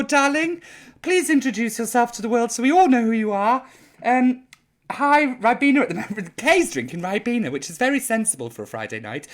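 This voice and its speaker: Reading viewers' comments on her live chat stream, an older woman comes across as a bit tipsy, rambling along with cheeky humor and plenty of swearing. Her voice is fairly high in pitch.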